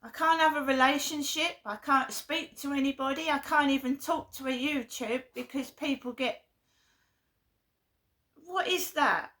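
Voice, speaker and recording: A woman's voice: high-pitched, unhurried, bright, forceful tone. A woman venting emphatically in a vlog, repeating her points in an aggrieved way. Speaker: vlogger.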